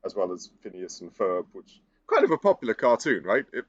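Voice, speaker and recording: A man's voice: on the low side, sing-song, a little fast, dry recording. A man chatting casually as a podcast co-host, trailing off and restarting his thoughts. The recording is dull and lo-fi, with a dry, close sound and no room around it. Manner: hesitant, many restarts and laughs. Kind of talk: casual chat.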